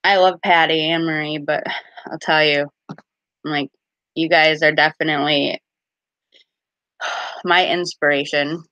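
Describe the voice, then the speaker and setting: A woman's voice: low voice, steady tone, measured pace, pauses often, pushed and bright, no room sound, highs cut off. A woman casually chatting on a live stream as a card reader, giggly and full of fillers.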